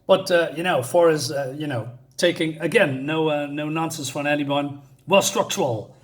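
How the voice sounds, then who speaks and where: A man's voice: a little high, steady tone, moderate pace. A man casually reviewing a comic book for his channel, rambling with many filler words and restarts.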